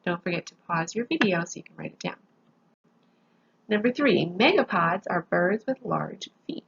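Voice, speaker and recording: A woman's voice: on the low side, animated, normal speed, creaky, husky, highs cut off. A woman teaching a grammar lesson, patiently explaining each point step by step with examples, sounding sleepy. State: sleepy, yawning.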